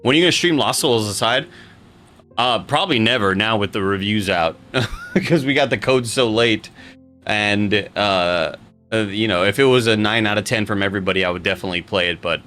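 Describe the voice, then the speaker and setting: Low, bright-voiced joking streamer man. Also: normal speed, faint music behind. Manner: rambling, joking, swears freely. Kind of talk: casual chat to a live stream audience.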